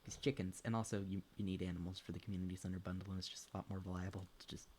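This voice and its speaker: A man's voice: low voice, level tone, rapid-fire, darkish tone, slight background noise. Young male streamer, loose and rambly, curses freely, chats to his pet and his viewers. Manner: rambling, swears often, laughs between thoughts; talks to a pet and chat while playing. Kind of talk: casual gaming chat.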